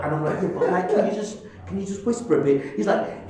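A man, telling stories in casual chat, animated and freely swearing. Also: sits high, quick pace, a crowd in the background. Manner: animated storyteller, swearing freely, acting out voices. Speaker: comedy club runner and performer. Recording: very echoey room.

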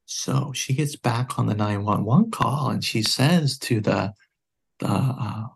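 Man, podcast guest, earnest measured storytelling, gravelly, husky. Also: medium pitch. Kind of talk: storytelling in conversation.

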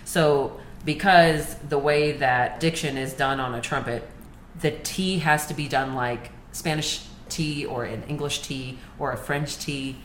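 A woman chatting casually on a panel, telling stories in an animated way and laughing often. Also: very deep voice. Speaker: podcast panelist. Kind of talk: casual chat. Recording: echoey room, faint background noise.

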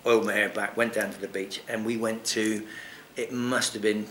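A man telling a long anecdote in casual chat, animated, swearing often and laughing. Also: fairly low pitch, normal speed, echoey room, slight background noise. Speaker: guest actor. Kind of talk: casual storytelling.

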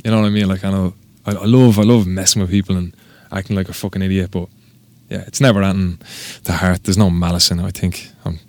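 A man's voice: low-pitched, little pitch movement, fast, hardly any pauses, a little mellow, no echo. A man with an Irish accent, a tattoo artist guest talking casually on a podcast, rambling and swearing with self-mocking humor.

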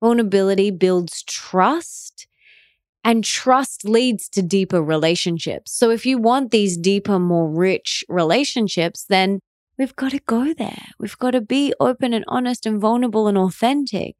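Woman in her thirties, mid-pitched; earnest, encouraging podcast host, intimate and dry. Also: unhurried, darkish tone, no echo. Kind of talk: motivational monologue.

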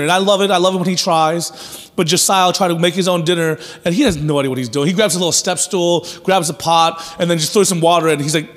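Male pastor, sermon, fairly high husky voice, conversational and animated, long hall reverb. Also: fast. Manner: conversational, animated preaching with acted-out asides.

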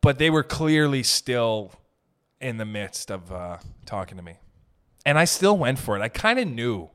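Guy in his 30s doing a solo podcast rant, swears a lot, keeps restarting sentences, normal pitch. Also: big pitch swings, fairly bright tone, smooth. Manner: profane, exasperated, rambling with quick restarts. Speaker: podcast host.

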